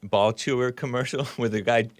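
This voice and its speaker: A man's voice: medium pitch, fairly even intonation, normal speed, dry recording. A man hosting a podcast in casual chat, chatty and laughing often, sometimes talking while chewing. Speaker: podcast host.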